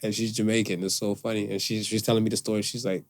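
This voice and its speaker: A man's voice: lowish voice, fast. A man co-hosting a casual podcast chat, telling stories animatedly and swearing freely. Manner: animated storyteller, profane, acts out quotes. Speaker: podcast co-host.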